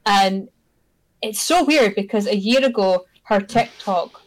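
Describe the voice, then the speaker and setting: A woman's voice: mid-range voice, unhurried, rough recording. A woman co-hosting a casual podcast chat, telling a story in an exasperated, sweary way. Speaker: podcast co-host.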